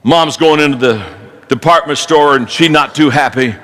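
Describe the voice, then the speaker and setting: High, bright-voiced animated preacher. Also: male voice, moderate pace, rough recording. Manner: animated storytelling, swings from hushed to shouting. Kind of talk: sermon.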